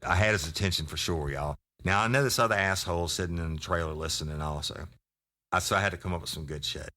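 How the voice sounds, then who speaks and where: A retired sheriff's deputy, telling a crime story in a blunt, profane, animated way. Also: male voice, low voice, fast.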